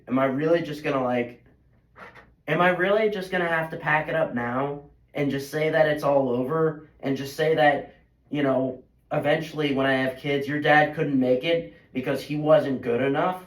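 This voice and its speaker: A teenage boy and high school golfer venting in a frustrated, self-critical ramble full of restarts. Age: teens. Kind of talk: emotional venting monologue. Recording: roomy echo.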